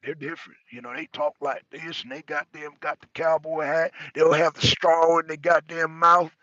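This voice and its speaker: A man with a notably high voice talks in loose, animated chat, cursing freely and often breaking into laughter. He stumbles over and repeats words as he goes. The recording is dry and dull, like a lo-fi stream. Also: normal speed, no room sound. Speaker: talk show panelist. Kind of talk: casual chat.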